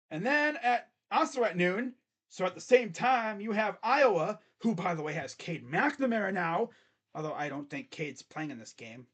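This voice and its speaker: A man hosting his own channel, giving casual sports predictions in a rambling, self-correcting way. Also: on the high side. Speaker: host. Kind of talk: casual sports picks commentary.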